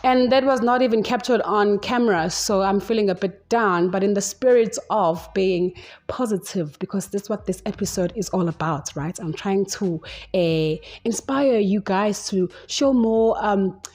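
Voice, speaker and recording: A young adult woman with a South African accent hosts a solo podcast, rambling and chatting off the cuff. Her voice is mid-range and a little mellow, moving at a moderate pace.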